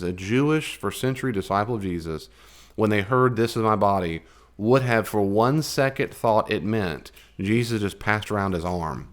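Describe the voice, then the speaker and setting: A man teaching a Bible lesson in a conversational, digressive way, with emphatic asides. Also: lowish voice.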